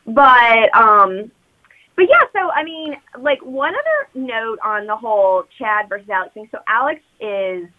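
A woman's voice: fairly high pitch, animated, unhurried, phone-quality sound. A woman co-hosting a podcast, recapping a movie as a chatty, rambling storyteller. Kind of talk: casual chat recapping a movie.

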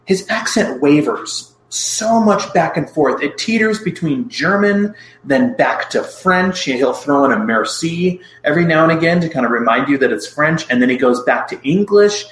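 A man's voice: a little high, lively intonation, moderate pace, hardly any pauses, a bit bright, reverberant, low-quality recording. A man casually reviewing a film with a co-host, recapping the plot with frequent restarts and asides.

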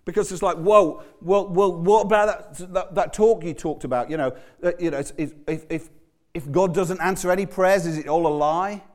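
A man's voice: a little high, a little fast. Chatty man preaching a sermon. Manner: conversational, animated, stammering restarts. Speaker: pastor.

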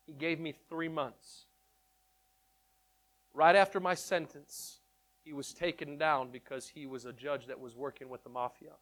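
Man, testimony storytelling, bright forceful tone, excitable, repeats words in bursts. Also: fairly high pitch, measured pace, pauses often. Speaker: speaker sharing his testimony.

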